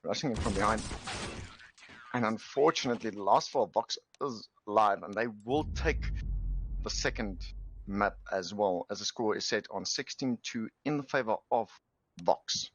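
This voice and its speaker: A man's voice: on the low side, a bit bright, breathy edge. Jokey South African man calling play-by-play. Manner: quick play-by-play calls, jokey. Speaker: esports caster. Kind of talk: live game commentary. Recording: faint background noise and clicks.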